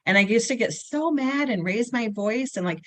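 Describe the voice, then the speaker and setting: Animated woman telling family stories. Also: a little high, moderate pace. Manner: animated storyteller, acts out her kids' lines. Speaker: guest, family dynamic coach. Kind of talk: casual chat.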